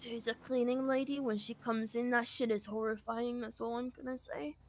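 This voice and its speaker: A young woman chatting casually in a roleplay game, teasing and quick to giggle. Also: fairly high pitch, fairly even intonation, slight background noise. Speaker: roleplay player. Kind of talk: casual in-character roleplay chat.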